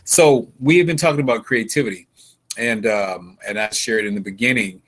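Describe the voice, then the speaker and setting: A man's voice: medium pitch, moderate pace, fairly bright tone. A man hosting a casual livestream interview, folksy and full of sayings, often repeating his words as he talks. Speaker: livestream host.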